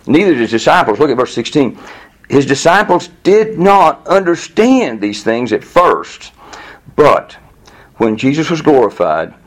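A man's voice: medium pitch, measured pace. Conversational man preaching a sermon. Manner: conversational, animated, chuckles often, repeats words. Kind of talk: sermon teaching.

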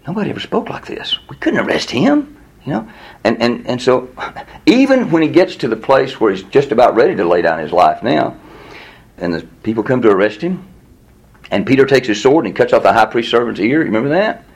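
A man preaching a sermon in a conversational way, acting out the quotes and chatting with the listeners. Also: a little fast. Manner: animated, acts out quotes with rising pitch; conversational, with laughs and audience asides. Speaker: pastor.

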